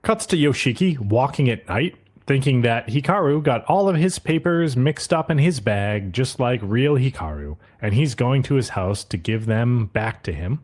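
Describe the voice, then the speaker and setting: A man co-hosting a podcast, casually recapping an anime episode and retelling scenes with quick quoted asides. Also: mid-range voice, expressive, darkish tone. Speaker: podcast co-host.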